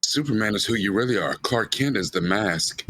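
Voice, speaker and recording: A man co-hosts a reaction video, blunt and joking, dropping slang and curses as he talks. His voice is lowish but bright and lively in pitch. Faint noise hums behind him. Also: moderate pace. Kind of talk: casual chat reacting to a TV episode.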